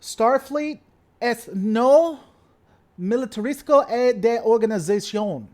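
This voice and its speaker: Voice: mid-range voice, normal speed, darkish tone, close to an everyday voice. A livestream host reading a script line aloud as a solemn male starship captain, in a mock-dramatic way.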